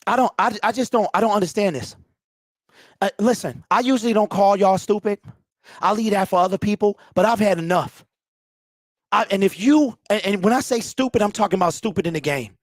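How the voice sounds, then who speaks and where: High-pitched guy hosting a fan call-in show, fed up and ranting, dry close sound. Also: a little fast, no echo. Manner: heated, exasperated ranting, repeats himself. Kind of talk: postgame fan call-in rant.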